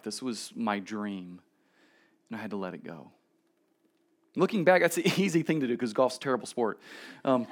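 A man in his thirties preaching a casual, storytelling sermon at a church service, swinging between emphatic lines and quiet asides. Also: medium pitch. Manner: conversational storytelling, shifts between loud emphasis and soft asides. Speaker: pastor.

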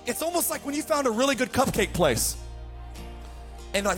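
A man preaching a fired-up sermon to his church, swinging from hushed passages to shouted ones. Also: very high-pitched, big pitch swings, moderate pace, long pauses, soft background music. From United States. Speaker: pastor.

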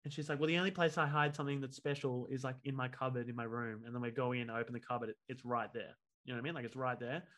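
A man, a comedian guest on a podcast, telling an animated story and acting out the voices of the people in it. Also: mid-range voice, racing. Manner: animated, acts out quoted voices.

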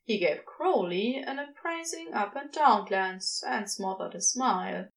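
Expressive woman narrating a story. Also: mid-range voice, a little slow, creaky, rough recording. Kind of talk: scripted narration.

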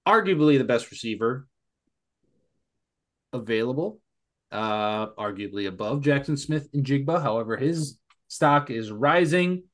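A young man co-hosting a casual sports podcast, making joking, quick asides. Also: mid-range voice, expressive, fairly bright tone. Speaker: podcast co-host.

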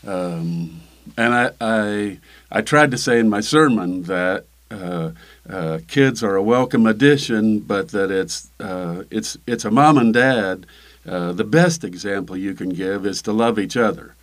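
An older man, a pastor, talking casually in an interview, halting with many fillers and restarts. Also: lowish voice.

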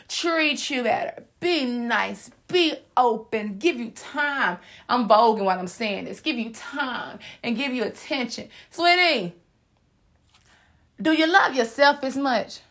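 A woman's voice: fairly high pitch, fairly bright tone. A young adult woman hosting a casual advice monologue, sassy and playful, preaching to her listeners in slangy everyday talk. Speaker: host giving life advice.

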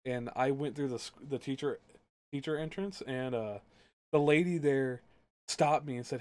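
A man's voice: mid-range voice, moderate pace, a little mellow. A young man co-hosting a casual podcast, telling a school story with heavy swearing and acting out both sides of the argument. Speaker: podcast co-host. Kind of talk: casual ranting chat.

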